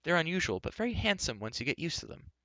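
A man's voice: on the high side, big pitch swings, quick pace, sharp tone, no echo, highs cut off, pitched above the performer's own voice. A man voicing Elenby, an eager young man who speaks with delight. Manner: delighted, exclamatory.

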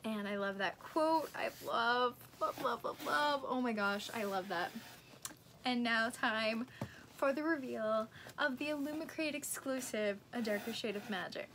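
A young woman talks slowly and unhurriedly as she unboxes books, her voice sitting a little high. She gushes over each item, easily awed, in a casual chat, with a faint hiss of noise behind her. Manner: gushing, excitable, easily awed. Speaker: book unboxing vlogger.

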